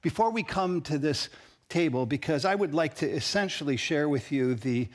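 A middle-aged man, the founding pastor of his church, preaching a sermon with earnest, emphatic repetition and a husky voice. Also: fairly high pitch, lively intonation, normal speed.

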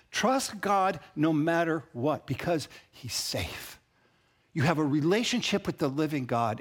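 A middle-aged man, the founding pastor of his church, preaching a sermon with earnest, emphatic repetition and a husky voice. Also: fairly high pitch.

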